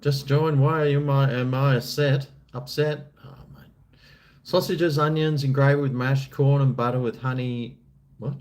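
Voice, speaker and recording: A man's voice: mid-range voice, darkish tone. An Australian man chatting casually on a live stream, answering chat in a laid-back, rambling, jokey way.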